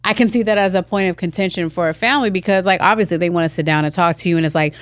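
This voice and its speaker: A woman's voice: lowish voice, rapid-fire, dry recording, studio quality. A woman co-hosting a casual podcast chat, thinking aloud and peppering her speech with "like". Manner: reflective and chatty, leans on frequent "like" fillers. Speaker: podcast co-host.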